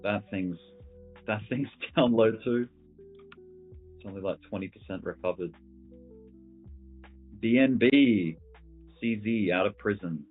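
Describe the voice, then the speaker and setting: Deep-voiced laid-back man on a tinny line. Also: unhurried, long pauses. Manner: laid-back, slangy, thinking aloud over charts. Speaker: host. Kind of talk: casual crypto market commentary. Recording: phone-like lo-fi audio with faint music.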